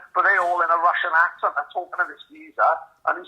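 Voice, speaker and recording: A man's voice: on the high side, flat delivery, quick pace, few pauses, bright, forceful tone, poor audio. Foul-mouthed man in his forties telling stories. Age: 40s. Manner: swears constantly, rambling storytelling. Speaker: podcast host. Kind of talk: casual chat.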